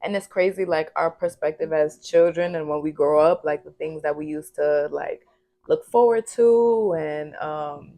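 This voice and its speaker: Low-voiced woman podcast co-host. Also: measured pace, warm tone. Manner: supportive listener, reflective. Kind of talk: casual chat.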